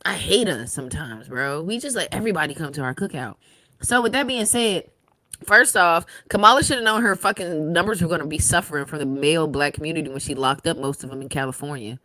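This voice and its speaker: A woman's voice: low voice, lively intonation, fast, pushed and bright, no echo. A young woman co-hosting a casual podcast chat, ranting in a fiery, profane way. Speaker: guest co-host.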